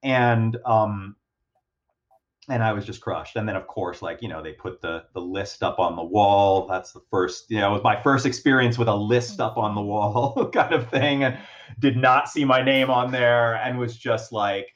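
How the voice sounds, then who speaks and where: A man's voice: on the low side, normal speed. Chatty man with a muffled lo-fi sound. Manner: animated, self-deprecating, many fillers and restarts. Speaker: guest. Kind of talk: casual storytelling chat. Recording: dull lo-fi sound.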